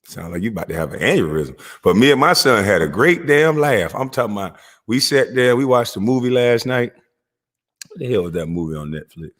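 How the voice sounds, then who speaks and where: A middle-aged man telling a comic story about his family, profane and animated, laughing often. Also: fairly low pitch, brisk. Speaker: vlogger. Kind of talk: comedic storytelling monologue. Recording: long echoey reverb.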